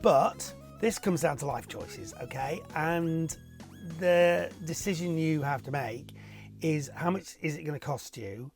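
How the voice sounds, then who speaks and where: A middle-aged TV property presenter from Warrington, England, answers viewer questions to camera from his home office in a casual Q&A. His somewhat high voice is unhurried with vocal fry, and he is chatty, rambling and self-deprecating, with soft music in the background.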